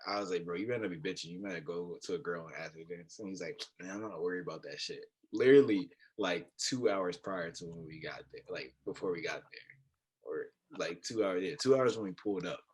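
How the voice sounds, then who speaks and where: A young man co-hosting a podcast, telling stories in a low-key casual chat with a quiet voice. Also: brisk, slight background noise. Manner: low-key, storytelling with laughs. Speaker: podcast co-host.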